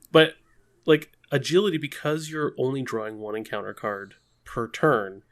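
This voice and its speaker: A man's voice: medium pitch, unhurried. A man co-hosting a podcast, talking emphatically and with self-ironic asides. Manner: emphatic, self-ironic, stresses key words. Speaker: podcast co-host. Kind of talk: casual podcast chat.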